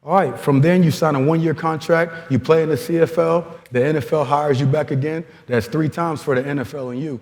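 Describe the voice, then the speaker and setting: A man's voice: on the high side, steady tone, a little fast, gravelly, hardly any pauses, a little mellow, in a large hall. A man from Congo gives a blunt, streetwise motivational talk to coaches, full of stories and slang. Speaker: guest speaker at a coaching clinic.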